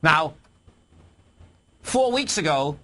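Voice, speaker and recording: Guy on a finance radio show, higher voice, bright and punchy, keeps saying folks. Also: lively intonation, very slow, slight background noise. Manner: emphatic, repeats phrases, addresses folks. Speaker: co-host, market analyst. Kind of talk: radio market talk with callers. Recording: radio broadcast.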